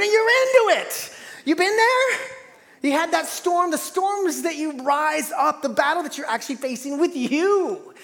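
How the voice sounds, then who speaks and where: A man preaching a sermon in a church, dynamic, swinging from loud to hushed. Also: very high-pitched, long reverb tail. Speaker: pastor. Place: large church hall.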